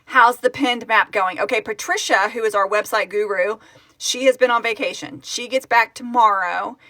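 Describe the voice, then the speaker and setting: Speaking casually on a live stream through her phone, a middle-aged woman who founded a fan project grows emotional and tearful while reading out where viewers are tuning in from. Her voice is fairly high, bright and forceful, at a normal speed, with no room sound.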